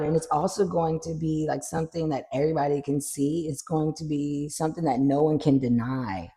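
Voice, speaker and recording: A tarot reader chatting casually through a card reading, animated and swearing freely. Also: mid-range voice, a little fast, vocal fry, few pauses. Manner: animated, swears freely, acts out little scenes.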